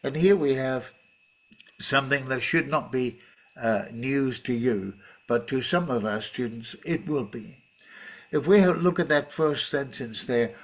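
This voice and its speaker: Man giving a measured teaching talk. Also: mid-range voice. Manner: measured, explanatory, with frequent fillers and restarts. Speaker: teacher trainer. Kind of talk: online workshop talk.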